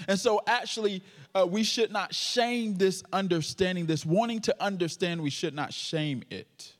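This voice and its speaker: A man preaching a sermon with a stutter, joking playfully with the congregation. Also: fairly high pitch. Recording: long hall reverb.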